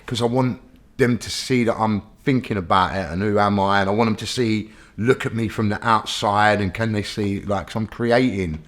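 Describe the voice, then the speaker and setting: Deep-voiced British man telling a story. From Britain. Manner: chatty, many fillers, checks in with the listener. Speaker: interview guest telling his own story. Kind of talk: casual storytelling.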